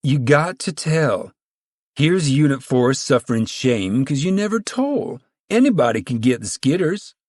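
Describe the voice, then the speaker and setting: A man's voice: mid-range voice, big pitch swings, a little slow, a little mellow, no echo, voice pushed up. Male reader plays bossy rural woman chairing committee; stern, drawling, dry close read. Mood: scolding.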